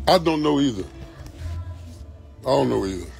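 A man's voice: mid-range voice, lively intonation, moderate pace, vocal fry, a little mellow, faint music behind. A man livestreaming on his phone from the doorway of his home, talking agitatedly and repeating his pleas and demands. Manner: agitated, repetitive pleading demands. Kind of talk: live phone stream confrontation.

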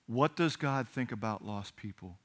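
A male pastor preaching a sermon, telling a Bible story with animated delivery and acting out the characters' voices. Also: medium pitch, moderate pace. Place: church.

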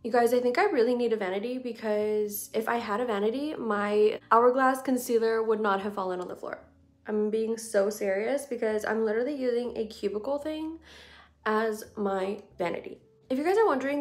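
A young woman talks casually straight to her viewers as she does her makeup, calling them "you guys" and poking fun at herself. Her voice sits a little high, with soft music playing in the background of her bedroom. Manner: chatty, candid and self-deprecating, addressing viewers as you guys. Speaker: beauty vlogger. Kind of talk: casual get-ready-with-me chat. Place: bedroom at home.

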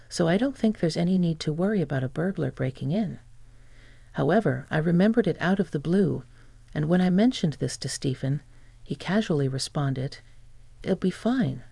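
A steady, scripted narration of a first-person story, told by a narrator who reads the quoted lines in the same even voice. The tone sits on the dark side, with a gravelly, husky edge, and the room gives back no echo at all. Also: mid-range voice.

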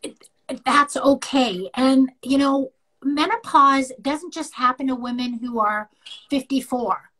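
A woman's voice: high-pitched, slow pace, fairly bright tone, poor audio. A middle-aged woman from Canada co-hosting a podcast, telling a personal story candidly with lots of quoted dialogue. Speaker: podcast co-host. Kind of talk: casual chat.

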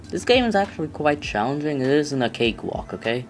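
A man doing let's play commentary, reacting loudly with yelps and groans whenever the game catches him out. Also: fairly high pitch, big pitch swings, brisk, faint music behind. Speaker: gamer.

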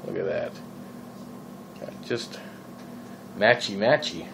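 In this casual vaping vlog rant, a Minnesota man with a Minnesotan accent rambles, full of fillers and exasperated questions. His voice is fairly low, slow and creaky, with background noise behind him.

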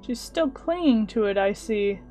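A woman reading a visual novel aloud, narrating and reacting with animated asides. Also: fairly high pitch, a little slow, soft background music. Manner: animated reactions and filler sounds. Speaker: let's play host.

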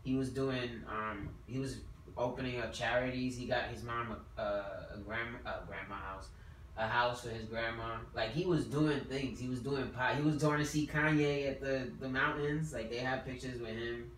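A man's voice: mid-range voice, steady tone, normal speed, a bit bright. A man co-hosting a podcast, chatting casually and rambling with restarts and lots of "like". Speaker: podcast co-host. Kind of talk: casual chat. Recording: roomy, distant mic, faint noise.

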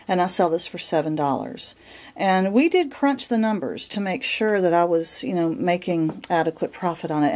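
Her voice fairly low and darkish in tone, a Southern craft vlogger talks casually at home about her crafts. The chat is homey and self-correcting, full of restarts, and is picked up by a camera mic.

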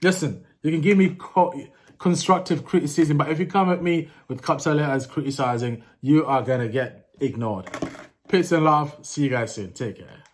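A man's voice: a little high, moderate pace. A young man vlogging casually to camera, chatty and laughing, with street slang. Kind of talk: casual vlog talk to camera.

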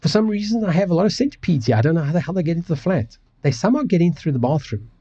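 A man's voice: on the high side, animated, racing, warm tone, breathy edge, dull audio. A man hosting a casual livestream from his apartment, rambling and swearing with many restarts. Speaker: livestream host. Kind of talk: casual ranting chat. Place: home apartment.

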